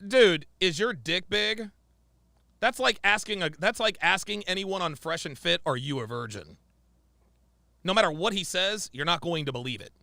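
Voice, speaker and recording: A man's voice: high-pitched, normal speed, creaky, bright, forceful tone. A man hosting a podcast, reacting to a clip with blunt, mocking, profane commentary.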